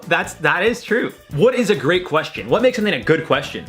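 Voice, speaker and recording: A young man talks into a desk mic in his room, reacting to tweets with a rambling, joking style. His voice sits a little high and jumps around with lively swings. Some music plays softly underneath. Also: a little fast, few pauses. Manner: animated, rambling, swearing, laughing at own jokes. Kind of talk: casual reaction commentary. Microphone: desk mic at his computer.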